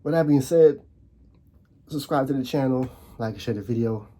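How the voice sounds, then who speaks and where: Here a young video host rants to camera in an easygoing but heated way, tripping over himself with frequent restarts and repeated words. He speaks at normal speed in a mellow voice that leaps higher for emphasis.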